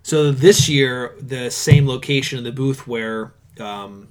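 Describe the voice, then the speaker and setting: A man's voice: mid-range voice, slow. A man, co-hosting a podcast, chatting casually and animatedly acting out the dialogue of the stories he tells. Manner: animated storyteller, acts out quoted dialogue. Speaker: podcast co-host. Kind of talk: casual chat.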